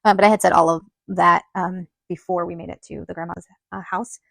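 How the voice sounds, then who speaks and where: A woman's voice: lowish voice, level tone, fairly quick, vocal fry, a bit bright, no room sound. A woman hosting a podcast, telling a personal story in a chatty way, full of "like" and quoted dialogue. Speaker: podcast host. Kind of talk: casual storytelling monologue.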